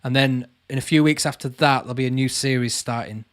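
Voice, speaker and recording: A man's voice: medium pitch, steady tone, brisk, a bit bright, no room sound, studio quality. A man hosting a casual livestream, reading out viewers' comments and chatting back to them. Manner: chatty, calls viewers mate, reads comments aloud. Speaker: channel host answering live chat.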